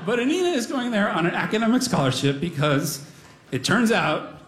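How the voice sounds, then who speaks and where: A man's voice: high voice, big pitch swings, a little fast, noisy background. A middle-aged man telling a personal story on stage before a live audience, wry and self-deprecating with comic timing.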